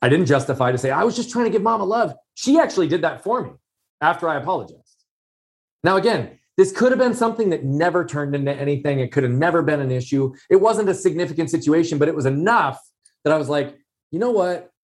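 A man's voice: a little high, lively intonation, fast talker. A man telling a personal story in a conversation, earnest and emphatic, repeating key phrases for weight.

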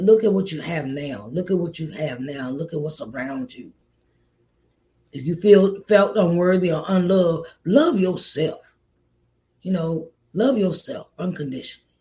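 A man's voice: fairly high pitch, a little mellow. A middle-aged man, an author, giving a motivational talk in an earnest, preachy way, repeating himself and calling the listener child or honey. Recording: dull lo-fi recording.

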